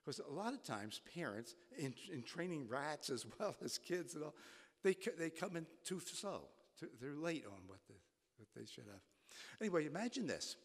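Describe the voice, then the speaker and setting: A man who once taught college, telling a story to a live audience in a halting way, with restarts. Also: on the high side, big pitch swings. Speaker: retired college faculty. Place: church. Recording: long reverb in a church.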